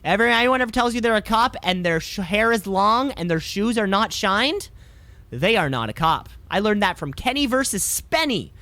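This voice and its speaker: A man's voice: high-pitched, big pitch swings, normal speed, pushed and bright, no room sound. A man co-hosting a podcast in casual chat, rambling and joking sarcastically. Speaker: podcast co-host.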